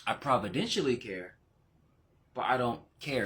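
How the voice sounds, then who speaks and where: A man talking casually as a spiritual teacher. He gets excited, laughs, and jumps into high exclamations, then slows and goes quiet when he turns reflective. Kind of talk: casual spiritual vlog talk.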